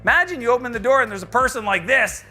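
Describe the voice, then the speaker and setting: A man's voice: extremely high pitch, expressive, quick pace, pushed and bright, faint music behind. A man giving a motivational business talk on selling, acting out little scenes with quoted voices. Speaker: sales and business speaker.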